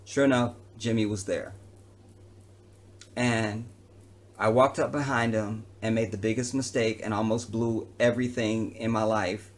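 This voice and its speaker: A man who works as an entertainer, telling a personal story to camera in an animated, slangy, conversational way. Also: fairly low pitch, measured pace.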